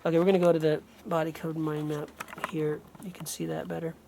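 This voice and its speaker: A man's voice: fairly high pitch, level tone, fairly quick, creaky, dark tone, slight background noise. A man working as an energy healer, thinking aloud and breaking off mid-sentence as he runs a live remote healing session. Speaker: radio show host.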